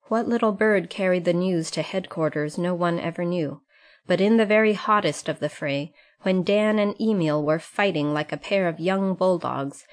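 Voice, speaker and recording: Woman reading an audiobook, low and calm. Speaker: audiobook reader. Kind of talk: scripted narration.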